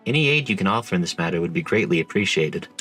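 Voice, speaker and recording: A man voicing a formal, measured naval commander in a game, reading the lines plainly. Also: low-pitched, lively intonation, sharp tone, faint music behind. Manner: formal, measured, stumbles over names. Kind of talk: reading game dialogue aloud in voices.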